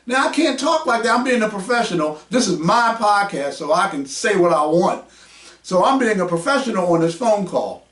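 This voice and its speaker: A man hosting his own podcast, combative and mocking, raising his voice to a shout as he rants. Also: sits high, big pitch swings, normal speed. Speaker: podcast host. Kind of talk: heated podcast rant. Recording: roomy echo, mic at a distance.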